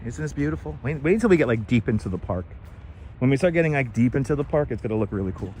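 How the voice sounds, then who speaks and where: A man's voice: mid-range voice, animated, fast talker, warm tone, slight background noise. A middle-aged man, chatting casually on a live stream as he bikes through a city park on a lapel mic, reading out and thanking viewers. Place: outdoors in a city park, riding a bike. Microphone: wireless lapel mic.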